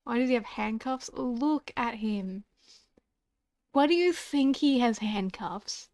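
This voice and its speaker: A woman's voice: on the high side, takes it slowly, darkish tone, no echo. A young woman streamer chatting and muttering asides while playing a story game live. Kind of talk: live let's-play commentary.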